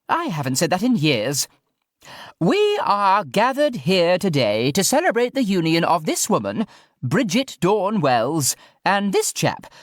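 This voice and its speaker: A man voicing a loud, posh, flamboyant older woman who officiates a wedding with theatrical, irreverent glee. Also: no echo, clean studio sound, heavily acted. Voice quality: plummy upper-class delivery. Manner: booming, theatrical, gleefully outrageous. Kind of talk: audiobook character voice.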